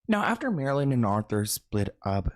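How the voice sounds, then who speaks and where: A man's voice: mid-range voice, sing-song, a little hiss or hum. Chatty man narrating a video. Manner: chatty and quick, with asides. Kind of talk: casual documentary narration.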